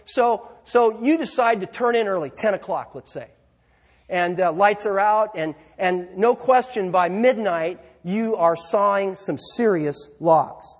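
Male pastor, fairly high and husky, chatty storytelling sermon with long church reverb. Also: a little slow. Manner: conversational storytelling, animated with fillers and repeats.

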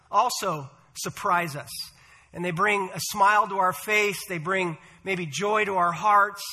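A male pastor with a high voice and a very bright, sharp tone. He preaches in a measured, earnest way, pausing on the odd "uh". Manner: measured, earnest delivery with "uh" fillers. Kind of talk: sermon.

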